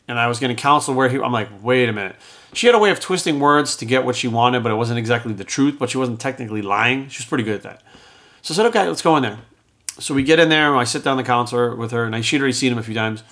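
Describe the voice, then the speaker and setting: A middle-aged man with a slightly bright, medium-pitched voice tells a personal story in an easygoing, rambling way. He's a fitness coach and podcast host who acts out the quoted conversation.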